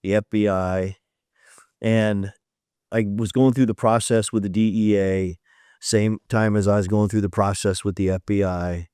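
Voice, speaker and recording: A man in his fifties, appearing as a podcast guest, tells his story candidly and plainly, acting out quoted dialogue as he goes. His voice sits on the low side, dark and clean, with a steady tone and measured pace. The recording is dry, with clean studio sound.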